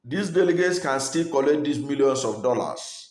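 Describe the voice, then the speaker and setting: A man from Nigeria giving earnest, argumentative political commentary, pausing with fillers and restarting his sentences. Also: medium pitch, lively intonation, a little mellow, reverberant.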